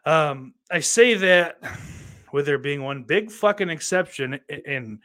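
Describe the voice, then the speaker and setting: A young man hosting a live stream in a loose, rambling way, cursing constantly. His delivery swings between loud ranting outbursts and low, subdued mumbling. His voice sits at an ordinary middle pitch for a man. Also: moderate pace. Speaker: streamer host. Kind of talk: casual live-stream commentary.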